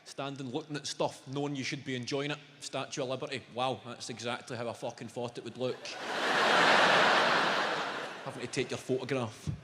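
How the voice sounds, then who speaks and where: A young Scottish stand-up comedian tells stories in a brash, sweary routine on a theatre stage, holding a handheld mic. His voice is mid-range and level at a normal speed. Heavy background noise fills the roomy venue, with loud audience laughter.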